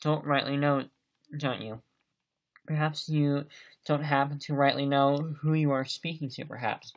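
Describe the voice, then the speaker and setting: A man reading aloud as a crafty, blustering one-legged tavern landlord in an audiobook, speaking loudly and sternly. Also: a little high, fairly even intonation, unhurried, lo-fi sound. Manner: loud, stern scolding.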